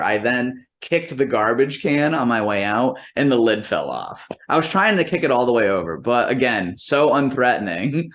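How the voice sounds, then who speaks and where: A man spins a long, profane anecdote in a loose, rambling way, leaning on fillers and slipping into rough impressions of the people he quotes. His voice sits at a middling pitch, neither high nor low, and he talks like a musician and comedian chatting in an interview. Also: lively intonation, fairly quick. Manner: quotes people in rough imitation while storytelling. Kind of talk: casual anecdote telling.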